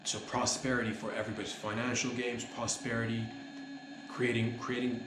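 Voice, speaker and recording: A man's voice: medium pitch, little pitch movement, normal speed, music in the background. A man hosting a comedy podcast, rambling in a mock-serious, slangy way. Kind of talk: rambling deadpan comedy monologue. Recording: roomy echo with faint noise.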